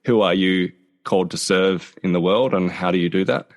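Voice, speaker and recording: A man with a South Australian accent answers interview questions in a measured, reflective way. His voice is on the low side, and he comes through a video call. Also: fairly even intonation. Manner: thoughtful, measured explaining. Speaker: podcast guest, author.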